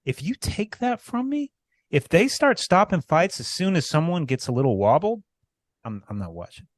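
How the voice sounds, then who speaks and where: A man ranting on a podcast mic in casual chat, profane and heated, with sudden loud outbursts. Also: a little high, very animated, moderate pace, no room sound, clean studio sound. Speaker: podcast co-host.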